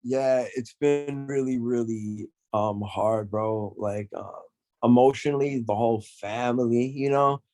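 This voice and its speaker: A man's voice: medium pitch, unhurried, darkish tone, soft background music. A man as a podcast guest in casual chat, speaking from the heart and rambling with many fillers.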